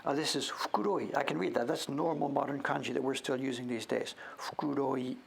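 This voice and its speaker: A man hosting a casual show-and-tell, thinking aloud as he sounds out names, sometimes dropping to a whisper and breaking into excited praise. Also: mid-range voice, fast talker, gravelly, slight background noise. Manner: drops to whispers now and then. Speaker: host.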